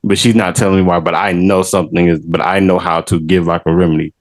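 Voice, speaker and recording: A man with a very low voice chatting on a podcast, laid-back and full of jokes, laughing easily and dropping casual slang. His tone stays relaxed and easygoing. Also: fast talker, poor audio. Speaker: podcast host.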